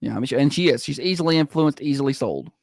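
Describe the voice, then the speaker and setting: A man's voice: medium pitch, quick pace, gravelly, no room sound. A man co-hosting a morning radio show, teasing his co-host and telling stories. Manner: teasing, dry humor, animated when telling stories. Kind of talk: casual morning radio chat. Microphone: studio microphone.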